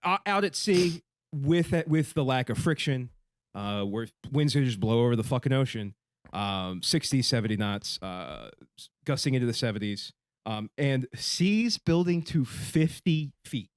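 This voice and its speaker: A man's voice: mid-range voice, animated, normal speed, dry recording, studio quality. A man hosting a podcast in casual chat, rambling with fillers and swearing. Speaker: podcast host.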